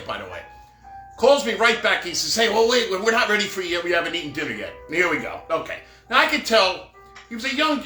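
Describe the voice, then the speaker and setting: High, lively rambling male storyteller. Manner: rambling with jokey asides; acts out quoted dialogue. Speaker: professional Santa performer telling stories. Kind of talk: casual storytelling monologue. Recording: roomy echo with faint music.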